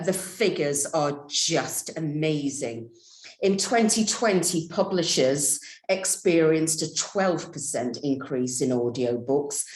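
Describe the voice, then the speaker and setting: A woman hosting an interview, effusive and animated in her questions. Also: low voice, roomy sound. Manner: effusive, animated, lively intonation. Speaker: interview host. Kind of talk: casual interview.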